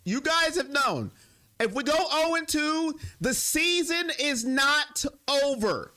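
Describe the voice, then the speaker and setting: A man's voice: very high-pitched, very animated, a little slow, bright, forceful tone. A young man hosting a sports live stream, chatting casually and emotionally with his viewers. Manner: emotional, talks straight to his chat.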